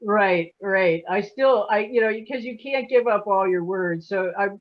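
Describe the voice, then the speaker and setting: A woman's voice: medium pitch, measured pace. A woman in her sixties from Alabama, a poet telling chatty, folksy stories in an interview and laughing often. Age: 60s. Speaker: poet guest. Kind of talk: casual interview storytelling. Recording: muffled lo-fi audio.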